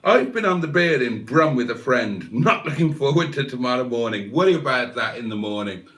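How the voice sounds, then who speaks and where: A man's voice: mid-range voice, lively intonation, a little fast, fairly bright tone. An older man, hosting a casual livestream and rambling emotionally, swearing freely. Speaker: livestream host. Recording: echoey room.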